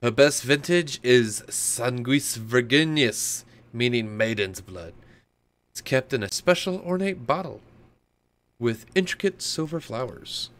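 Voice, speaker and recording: A man's voice: medium pitch, lively intonation, a little slow, a bit bright. A man doing an exaggerated old English peddler voice while reading a game document aloud. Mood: pompous reading. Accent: put-on old English.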